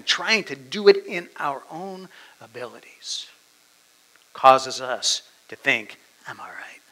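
A male pastor preaching a sermon, dramatically swinging between loud declarations and hushed asides. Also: a little high, rough recording.

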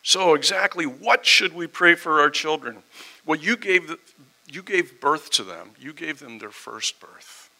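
A middle-aged male pastor delivering a sermon with a very bright, sharp tone and a gravelly edge of fry. He is impassioned, building to loud emphatic runs and then dropping to hushed, quiet phrases. His voice sits a little higher than most men's. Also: lively intonation, unhurried, poor audio.

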